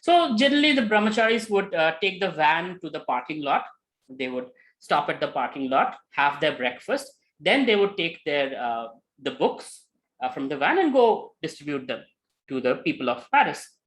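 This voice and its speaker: A man giving a spiritual talk, telling a story with lively retellings and many fillers. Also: a little high, normal speed, rough recording. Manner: animated, with many fillers and acted quotes. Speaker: spiritual teacher.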